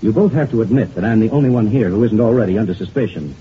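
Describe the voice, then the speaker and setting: A man's voice: fairly low pitch, quick pace, close to an everyday voice. An actor playing a wry male college professor in a 1940s radio drama, talking a lot with dry humor. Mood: persuasive. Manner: dry, talkative, wryly joking. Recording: dull, hissy old radio recording.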